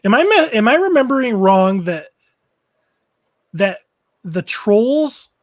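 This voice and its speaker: A middle-aged man with a high voice for a man chats as a podcast guest, often stopping to restart his thoughts. The recording is dry and close, with no room sound. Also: big pitch swings, no room sound. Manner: halting, restarts his thoughts while recalling. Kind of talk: casual chat.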